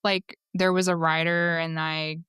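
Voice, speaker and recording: A woman's voice: lowish voice, level tone, a little slow, fairly bright tone, clean tone, dry recording, studio quality. A young woman co-hosting a book podcast in casual chat, hesitant and asking questions. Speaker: podcast co-host.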